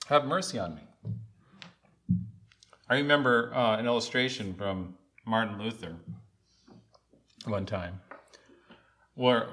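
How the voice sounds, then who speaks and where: A male preacher delivering a sermon with a bright, forceful tone. He is earnest and repeats his key lines, swelling into loud, emphatic calls before easing back to a conversational level. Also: fairly low pitch.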